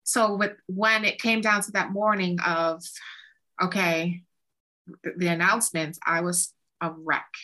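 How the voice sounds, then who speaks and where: A woman's voice: lowish voice, measured pace. A woman guest on an interview, chatting casually and acting out remembered conversations with many "like"s. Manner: animated, acts out quoted exchanges with lots of "like". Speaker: songwriter and producer guest.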